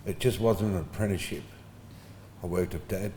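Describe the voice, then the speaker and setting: Middle-aged Aussie man, lowish voice, easygoing anecdotal eulogy, roomy hall with faint background hum. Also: moderate pace. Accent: Australian. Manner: casual storytelling, chuckling between anecdotes. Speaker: son giving a eulogy. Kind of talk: informal funeral eulogy. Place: funeral service hall. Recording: echoey hall with faint ambience.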